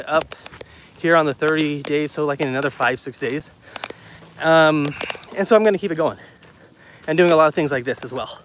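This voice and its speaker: A man's voice: on the high side, fairly bright tone, a little hiss or hum. A man chatting casually with his live viewers while walking outdoors, out of breath, talking loosely and repeating himself into a phone mic. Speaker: streamer doing a walking livestream. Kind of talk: casual chat reading live comments. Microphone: phone mic, no external mic.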